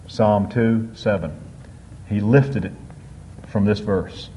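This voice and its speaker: A man preaching a sermon on a psalm, reading scripture slowly and drawing out key words with emphatic swings. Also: fairly low pitch, fairly even intonation. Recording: dull lo-fi sound.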